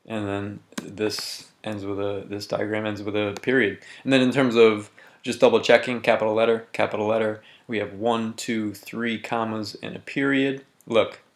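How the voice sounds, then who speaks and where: Guy teaching grammar on a recorded lesson, kinda low voice, walks through it step by step, keys clacking in the background. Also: flat delivery. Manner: methodical, reads example sentences slowly with emphasis.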